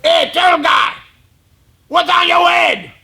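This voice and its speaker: A man putting on a rough, hollering male convict with a high, raspy bark that cuts across a card table. It is loud and strained, pushed well above his own speaking voice. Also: takes it slowly, heavily acted. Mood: mocking. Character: loud gruff male inmate who rasps and shouts.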